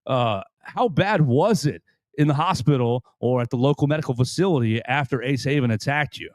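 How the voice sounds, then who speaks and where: A man's voice: medium pitch, expressive, fairly quick, darkish tone, dry recording. A man hosting a casual wrestling talk show, rambling and restarting his sentences playfully. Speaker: host.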